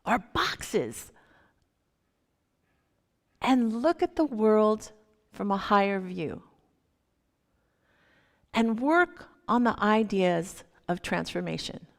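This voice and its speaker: A woman minister telling a story in a sermon, gentle and unhurried. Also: medium pitch, animated, gravelly. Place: church sanctuary. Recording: long hall reverb.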